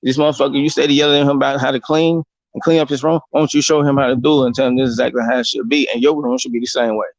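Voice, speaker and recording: A blunt man, talking in a casual, opinionated way and swearing freely. His voice sits mid-pitch and climbs when he drives a point home. The sound is dry and a little dull. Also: fairly even intonation, very fast, few pauses, no echo. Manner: blunt and profane, lecturing with rising emphasis. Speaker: podcast host.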